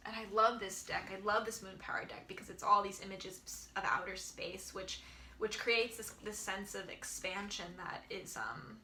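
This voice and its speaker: A woman giving a pick-a-pile tarot reading, musing gently and searching for words with many ums. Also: medium pitch, normal speed, a little hiss or hum. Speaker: tarot reader.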